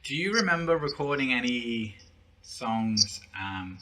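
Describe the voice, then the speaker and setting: A man's voice: mid-range voice, animated, measured pace, sharp tone. A man interviewer asking casual, somewhat hesitant questions.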